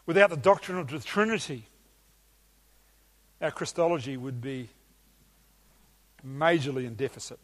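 A man's voice: mid-range voice, normal speed, long pauses. A man preaching a teaching sermon with emphatic enthusiasm and some hesitations.

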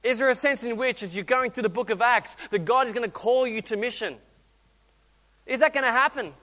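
A man, a guest preacher telling a story in a sermon, swinging between loud urging and quiet intimate speech. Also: extremely high pitch, brisk, big-room sound. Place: church hall.

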